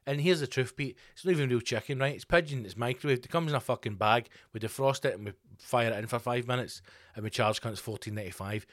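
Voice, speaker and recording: A man's voice: mid-range voice, fast talker, no echo, studio quality, close to an everyday voice. A man putting on the voice of a blunt, crude male pub barman. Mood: mocking. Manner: cocky, crude.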